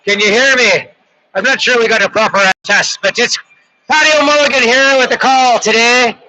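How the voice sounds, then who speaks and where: A man's voice: very high-pitched, fairly even intonation, moderate pace, bright, forceful tone, no echo, low-quality recording. A middle-aged Canadian man calling a youth hockey game in a put-on Irish accent, chatty and playful with rambling asides. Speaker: hockey play-by-play announcer. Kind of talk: joking live game commentary.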